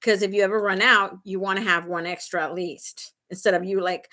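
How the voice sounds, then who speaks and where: A woman's voice: mid-range voice, steady tone, brisk, hardly any pauses, bright, forceful tone. Chatty woman hosting a livestream, mid-range voice, loose and rambling, keeps checking in with viewers. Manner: chatty and rambling, laughs often; talks straight to viewers, asking "right?" and "okay?". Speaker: beauty vlogger hosting a livestream. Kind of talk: casual chat during a live makeup tutorial.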